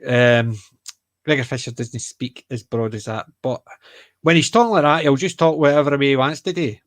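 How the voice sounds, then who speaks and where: A Glaswegian man from Scotland co-hosts a casual podcast chat, rambling, joking and restarting his sentences as he corrects himself. His voice is medium in pitch and normal in speed, with no echo.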